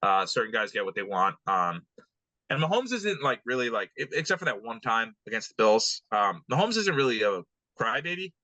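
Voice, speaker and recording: A man with a bright, forceful voice runs through the week's scores in loose podcast banter, cursing freely and stalling on ums and uhs. The sound is dry and close to the mic. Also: medium pitch, brisk, no echo, poor audio. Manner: relaxed, swears often, many ums and uhs. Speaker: podcast co-host recapping games. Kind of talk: casual sports podcast banter.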